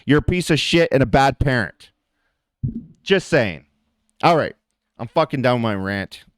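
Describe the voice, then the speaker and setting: A man's voice: mid-range voice, animated, measured pace, no room sound. A man hosting a livestream, ranting in a heated, profane way and talking straight to his chat viewers. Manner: addresses chat viewers directly. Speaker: livestream host. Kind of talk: livestream rant.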